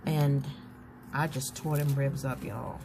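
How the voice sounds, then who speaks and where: A woman's voice: a bass voice, fairly even intonation, takes it slowly, vocal fry, music in the background. A woman chatting casually to her viewers while she flips through a journal. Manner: chatty, warm-hearted, talks to viewers as "y'all". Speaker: journaling vlogger. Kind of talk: casual chat. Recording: noticeable background noise.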